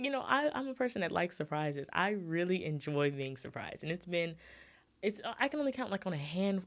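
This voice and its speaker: A young adult woman hosting a solo podcast, talking casually and expressively to her listeners. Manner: chatty, addresses listeners as y'all and sis; expressive, with quick jumps up in pitch. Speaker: podcast host.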